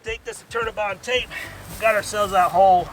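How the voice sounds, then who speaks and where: A man hosting a casual outdoor vlog, with a joking, folksy, excitable way of talking. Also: sits high, fairly quick, recorded from a distance, slight background noise. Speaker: RV vlog host. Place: outdoors by a vehicle.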